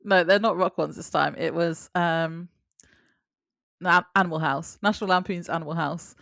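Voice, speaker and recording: A woman's voice: on the low side, steady tone, normal speed, vocal fry, a bit bright, no room sound, studio quality. A woman co-hosting a podcast, chatting casually about a TV episode and laughing often. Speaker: podcast co-host. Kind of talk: casual chat recapping a TV episode.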